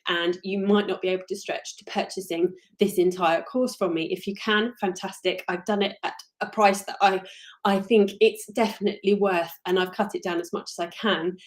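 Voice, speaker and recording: Chatty British woman rambling on a live stream. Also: fairly low pitch. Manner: rambling, chatty and apologetic, often trailing off. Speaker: crochet designer hosting a live stream. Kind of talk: casual live-stream chat.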